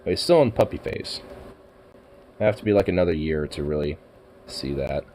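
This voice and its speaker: A man's voice: a bass voice, expressive, moderate pace, a little mellow, slight background noise. A young man in casual chat, rambling and swearing with lots of fillers, at times cooing to his puppy. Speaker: vlogger.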